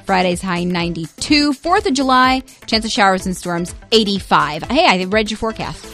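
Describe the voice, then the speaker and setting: A brisk woman on radio reads traffic and weather in a mid-pitched voice and slips into easy studio banter, laughing often. A light music bed runs faintly under her. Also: expressive, fairly bright tone. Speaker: radio traffic reporter and co-host. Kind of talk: casual radio chat and traffic report.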